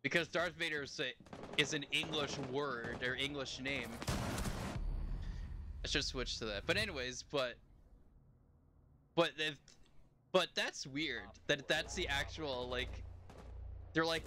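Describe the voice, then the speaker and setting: A man's voice: mid-range voice, slow, long pauses, background noise. A young man streaming a game, chatting casually in a rambling way and laughing often. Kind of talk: casual live-stream chat while playing.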